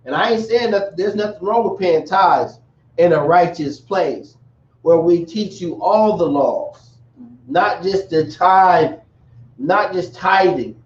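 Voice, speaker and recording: High-voiced man teaching in an echoey room. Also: takes it slowly, a little hiss or hum. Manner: loose, rambling, jokey asides. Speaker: religious teacher. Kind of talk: casual teaching talk. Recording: echoey dull recording from far off.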